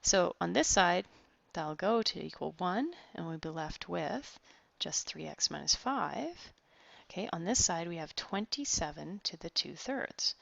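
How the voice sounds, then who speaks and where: A woman's voice: on the low side, lively intonation, moderate pace, gravelly, a bit bright, no echo. A woman math tutor talking students through problems step by step, encouraging them as she goes. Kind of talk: online math lesson. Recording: dull, dry close recording.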